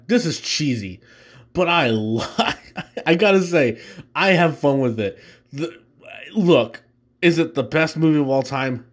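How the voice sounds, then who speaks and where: A man hosting a casual solo show, ranking films in a rambling way with restarts and easy laughs. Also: fairly high pitch. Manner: rambling, many fillers and restarts, laughs easily. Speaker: host.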